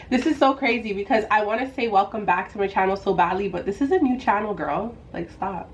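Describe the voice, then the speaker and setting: A woman's voice: medium pitch, a little fast, few pauses. Young female vlogger, bubbly home chat, slightly muffled audio with faint background noise. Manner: bubbly, giggly, lots of "like" fillers. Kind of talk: casual chatty get-ready-with-me vlog. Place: indoors at home, doing makeup.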